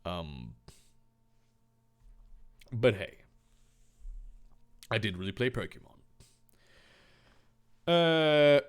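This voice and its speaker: A man reading a story aloud for comedy, breaking off for sarcastic, deadpan asides. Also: fairly low pitch, drawn-out words, long pauses, clear, resonant tone. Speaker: fanfiction reader.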